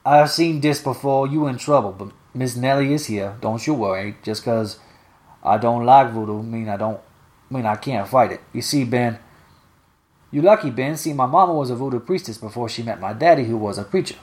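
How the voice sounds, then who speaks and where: A man's voice: normal speed, a little mellow, close to an everyday voice. A man voicing a kind but fierce older woman shopkeeper, reading her lines in a raised voice with a Southern dialect. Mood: reassuring. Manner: raised pitch, folksy dialect delivery.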